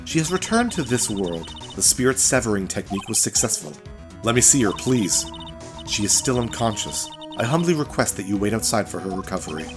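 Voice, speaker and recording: A man's voice: fairly low pitch, very animated, over music. A man reading a formal, composed older woman. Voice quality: formal, measured.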